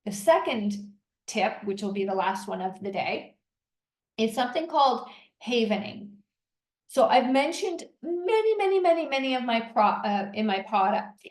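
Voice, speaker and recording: A middle-aged woman hosts her podcast as a coach, a touch tired after hours of talking. Her voice sits slightly high and she leads her listeners through the exercise in an animated way. The room echoes around her. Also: normal speed. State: tired from long day of talking. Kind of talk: solo podcast teaching.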